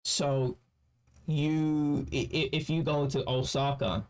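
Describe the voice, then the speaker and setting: Gravelly man rambling. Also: fairly high pitch, level tone. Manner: rambling, halting with many restarts. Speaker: streamer reacting to clips. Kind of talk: casual commentary.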